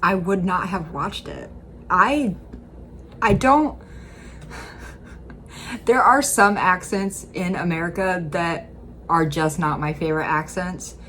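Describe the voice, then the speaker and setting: Low-voiced Midwestern woman, chatty. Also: takes it slowly, pauses often, fairly bright tone, a little hiss or hum. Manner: chatty, rambling, with frequent fillers. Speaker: reaction video host. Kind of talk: casual commentary.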